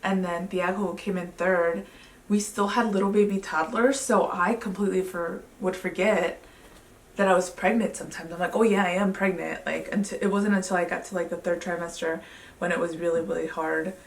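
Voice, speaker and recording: A woman in her thirties talks to camera at home in an excitable, chatty way, stringing thoughts together with plenty of fillers. She sits a little away from the mic. The room gives her voice a roomy echo. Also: fairly low pitch, fairly quick. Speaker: vlogger. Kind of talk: casual storytelling to camera. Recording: roomy sound, mic at a distance.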